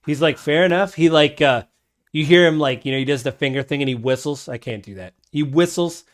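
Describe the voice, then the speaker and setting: A man's voice: medium pitch, brisk. A man narrating as game master of a tabletop game, in a loose way with many fillers.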